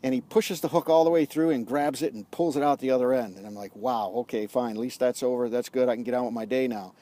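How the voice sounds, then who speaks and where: A middle-aged man telling a lively story in a casual vlog outdoors, acting out the dialogue as a leadership coach. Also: medium pitch, fast. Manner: animated storyteller, acts out dialogue. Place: outdoors on a golf course.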